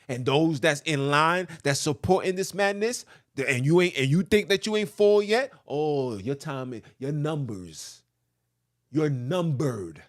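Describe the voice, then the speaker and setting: A man hosting a podcast, animated and ranting, who repeats phrases, jokes and reads a letter aloud. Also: medium pitch. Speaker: podcast host.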